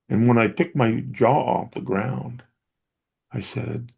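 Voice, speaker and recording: A man's voice: mid-range voice, takes it slowly, creaky, a little mellow, slightly rough. A middle-aged man, an interview guest who helps dementia caregivers, earnestly telling stories about his family. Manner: earnest and reflective, recounting family memories. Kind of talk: conversational personal storytelling.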